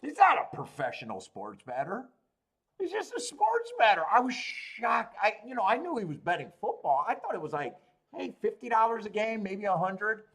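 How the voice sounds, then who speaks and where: Man, racing-betting stream host, higher voice, swings wildly in pitch, loose and profane. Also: slightly rough. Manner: animated, swearing, laughing, fast rambling with restarts. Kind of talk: casual livestream chat.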